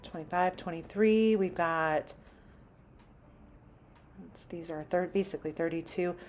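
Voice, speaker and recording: An unhurried woman with a fairly low, slightly mellow voice hosts a shopping vlog inside a large home improvement store. Soft music plays as she browses, chatting casually and reading prices aloud.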